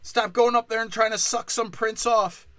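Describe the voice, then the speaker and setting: A man voicing a furious, foul-mouthed middle-aged father who yells insults at his daughter. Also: very high voice, fairly even intonation, normal speed, no echo, pitched above the performer's own voice. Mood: screaming. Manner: yelling insults.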